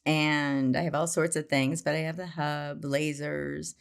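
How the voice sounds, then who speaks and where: Low-pitched woman telling a story on a podcast, chatty, says like a lot. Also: a little slow, gravelly, clean tone. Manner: chatty, many "like" fillers, excitable. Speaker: podcast guest, naturopath. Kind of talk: casual chat, storytelling.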